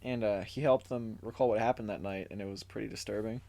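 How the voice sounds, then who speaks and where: A man's voice: fairly low pitch, fairly even intonation, quick pace, gravelly, warm tone. A man co-hosting a podcast, telling a story in casual chat, loose and full of fillers as he reads through his notes. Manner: recaps from notes and reads quotes aloud. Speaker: podcast co-host.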